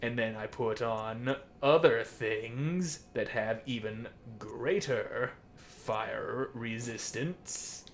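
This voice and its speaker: Man, let's play commentary, unhurried delivery, crude silly banter, noisy hiss behind. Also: medium pitch, pushed and bright. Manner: profane, goofy banter aimed at enemies. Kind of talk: gameplay commentary.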